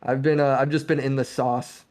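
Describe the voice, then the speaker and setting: A man's voice: mid-range voice, little pitch movement, fairly quick, darkish tone. A man chatting casually as a guest on a call-in stream, blunt, insistent and profane. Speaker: guest co-host. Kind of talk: casual livestream chat.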